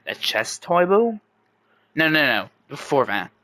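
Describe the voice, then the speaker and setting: A man's voice: on the high side, sing-song, a little slow, sharp tone, dry recording, exaggerated voice. A man voicing an impatient, scheming woman who talks curtly and dismissively. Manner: curt, dismissive.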